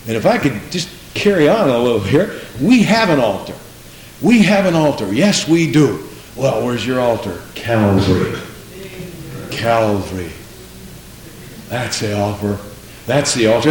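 A man preaching a sermon, animated, swinging from low asides to high exclamations. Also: measured pace, far from the mic. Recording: roomy echo.

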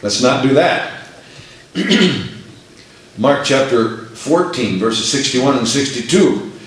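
Emphatic preacher in an echoey room. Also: male voice, medium pitch, lively intonation, takes it slowly. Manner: emphatic, acts out scripture voices. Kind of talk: sermon.

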